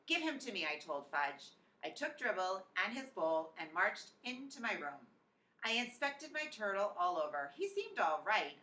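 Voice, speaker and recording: A woman teacher reading a children's chapter book aloud in an expressive storytelling manner. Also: mid-range voice, distant mic. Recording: echoey room, off-mic.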